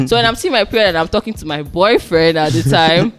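A woman's voice: mid-range voice, lively intonation, quick pace, hardly any pauses, faint music behind. A young woman from Nigeria, a guest in a casual chat, telling stories animatedly and acting out her parents' voices.

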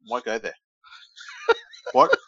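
A man's voice: slow, sharp tone, dry recording, lo-fi sound. A man co-hosting a wrestling podcast in casual chat, joking and teasing, often stumbling over names. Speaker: podcast co-host.

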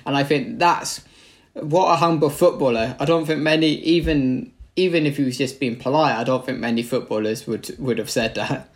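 A man co-hosts a casual football podcast in a mid-range voice. He speaks in a relaxed, hesitant way, filling his pauses with ums. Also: mid-range voice. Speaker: podcast co-host.

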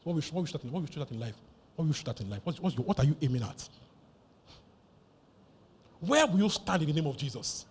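A man preaching a sermon, animated and emphatic, repeating key phrases over and over. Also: fairly high pitch, fast talker, long pauses, husky. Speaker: pastor.

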